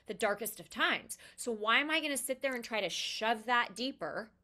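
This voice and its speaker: A woman's voice: fairly high pitch, lively intonation, moderate pace, bright, forceful tone. A woman podcast host speaking earnestly and emphatically in a conversational interview, often restarting her sentences.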